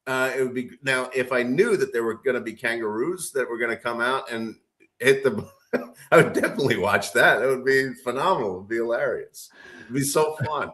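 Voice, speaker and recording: A man's voice: medium pitch, fairly quick, pushed and bright. A man co-hosting a podcast, talking in an easygoing way and laughing along in casual chat. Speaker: podcast co-host.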